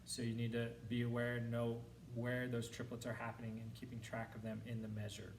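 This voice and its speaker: A man's voice: medium pitch, monotone, a little fast, recorded from a distance, heavy background noise. A man teaching a school band lesson, explaining rhythms and chanting counts and syllables aloud for his students. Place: classroom.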